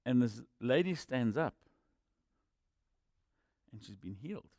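Delivering a sermon with personal testimony, a man speaks slowly in a middle pitch with lively intonation. The close, dry recording has no echo, and he alternates between booming emphatic declarations and hushed asides meant to confide.

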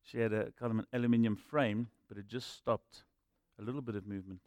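A man preaching a sermon and telling personal stories, moving between loud emphatic lines and quiet asides. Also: fairly low pitch, steady tone, brisk, no echo. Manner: storytelling, swinging from loud emphasis to hushed asides.

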